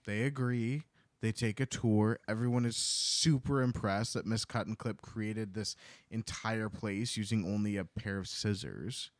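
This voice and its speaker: A man's voice: lowish voice, dry recording. A man co-hosting a podcast, casually retelling a book's plot and acting out the characters' lines. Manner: retells plot with quick acted-out quotes. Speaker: podcast co-host. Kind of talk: casual book-recap chat.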